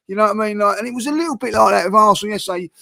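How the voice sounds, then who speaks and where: A man hosts a fan channel's football debate, his voice sitting a little on the high side. He talks with animated passion, stumbling through restarts and fillers as he makes his points. The sound is dry, with no room echo. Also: rapid-fire, gravelly.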